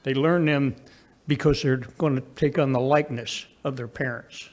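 A man preaching a sermon, telling folksy family stories and moving between raised emphatic lines and low, quiet asides. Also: steady tone, moderate pace.

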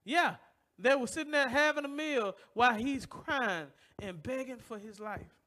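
Bright high-voiced preacher man. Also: a little slow. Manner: storytelling, rhetorical questions to the congregation; acts out voices in stories, loud bursts. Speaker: pastor. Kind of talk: sermon. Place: church.

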